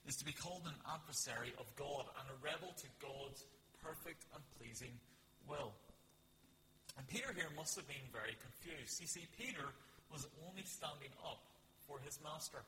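A man's voice: fairly high pitch, expressive, normal speed, pushed and bright. A man preaching a sermon, earnest and reflective, with rhetorical questions and dramatic readings of scripture. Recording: long hall reverb with faint hum.

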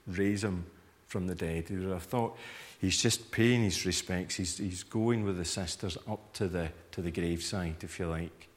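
A man preaching a sermon in a low, conversational voice. He keeps asking listeners to picture themselves in the scene, and a long hall reverb trails after each phrase. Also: normal speed. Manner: conversational, invites listeners to imagine the scene, acts out reactions.

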